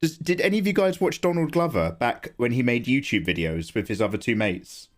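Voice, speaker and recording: A man's voice: medium pitch, animated, fairly quick. A young man chatting casually on a drawing livestream, wandering from topic to topic and laughing often as he tells stories. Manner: rambling anecdotes, laughs often. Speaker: livestream artist. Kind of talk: casual chat while drawing on stream.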